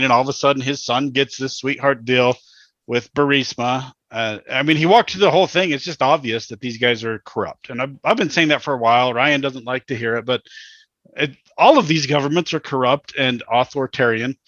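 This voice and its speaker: A man's voice: mid-range voice, a little fast, a bit bright, no echo, muffled recording. A man in his thirties co-hosting a podcast, chatting casually and telling stories bluntly, with restarts. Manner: blunt, storytelling, rambling with restarts. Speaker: podcast co-host. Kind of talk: casual chat.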